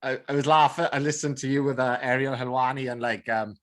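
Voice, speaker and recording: A man hosting a casual podcast interview. He keeps his turns short, dropping in quick questions and brief friendly remarks. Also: medium pitch, level tone, a bit bright. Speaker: podcast host.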